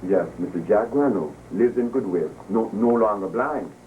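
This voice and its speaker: A man's voice: fairly low pitch, expressive, moderate pace, far from the mic, phone-quality sound, a little hiss or hum. A man giving an impassioned, preaching lecture to a live audience, emphatic and repeating himself for effect. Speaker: public speaker. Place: live event before an audience.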